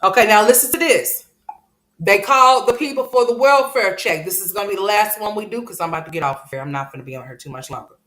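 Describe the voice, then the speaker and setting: A woman's voice: medium pitch, expressive, quick pace, fairly bright tone. A woman hosting a livestream commentary show. She talks bluntly and profanely, scolding the person she is discussing. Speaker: commentary channel host.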